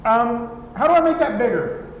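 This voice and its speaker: Guy with a high voice teaching a class, chatty and checking in a lot, echoey dull room sound. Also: animated, moderate pace, a little hiss or hum. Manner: conversational, checks in with "right?" often. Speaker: instructor. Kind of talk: classroom software lecture.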